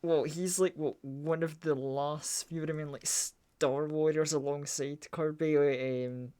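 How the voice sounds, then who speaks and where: A man's voice: a little high, fairly even intonation, measured pace, mellow. A man hosting a casual livestream chat, rambling and hesitant, with frequent restarts and chuckles. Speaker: streamer host.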